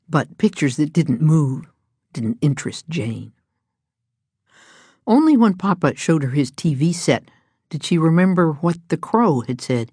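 A woman reading a storybook aloud in a gentle, even storytelling manner. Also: low-pitched, unhurried, slightly rough, no room sound, clean studio sound. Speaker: narrator.

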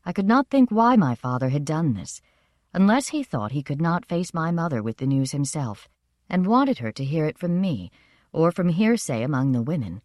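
Woman reading a story aloud, low voice, lots of expression. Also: big pitch swings, moderate pace, a little mellow, no room sound, clean studio sound. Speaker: audiobook narrator. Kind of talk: first-person scripted narration.

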